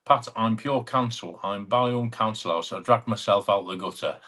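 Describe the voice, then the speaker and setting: A man's voice: on the low side, moderate pace, pushed and bright. Chatty man hosting a live stream. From England (Chester). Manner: chatty, teasing banter with viewers by name. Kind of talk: casual live-stream chat reading out viewer comments.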